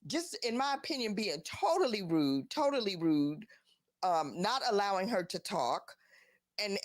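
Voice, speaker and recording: A woman's voice: mid-range voice, no echo, studio quality. A woman hosting a live show, talking casually and animatedly, firing off incredulous rhetorical questions. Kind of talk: casual commentary.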